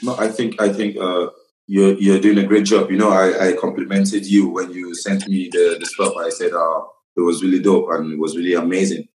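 A man's voice: deep voice, level tone, normal speed, darkish tone, slight background noise. A young man from Nigeria with a Nigerian accent, speaking as a guest in a casual interview, earnest and repeating phrases as he searches for words. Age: young adult. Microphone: remote call. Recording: roomy remote call.

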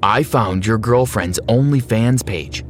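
A man's voice: fairly low pitch, unhurried, a little hiss or hum, close to an everyday voice. A man voicing a blunt young male friend who speaks in a matter-of-fact way.

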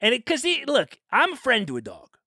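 Animated gravelly podcast host, high and lively. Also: male voice, brisk, no room sound, studio quality. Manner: animated, swears freely, slips into silly accents for bits. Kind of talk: casual comedic podcast banter.

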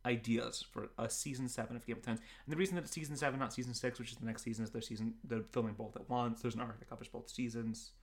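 A man's voice: medium pitch, fairly even intonation, fast talker, few pauses. A man co-hosting a podcast in casual banter, making wry, dry jokes and laughing often. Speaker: podcast co-host.

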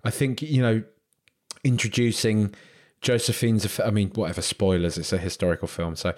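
A man's voice: fairly low pitch, steady tone, moderate pace, darkish tone. A man co-hosting a casual film podcast, who often stumbles, repeats words and restarts his sentences. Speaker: podcast co-host. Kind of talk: casual film review chat.

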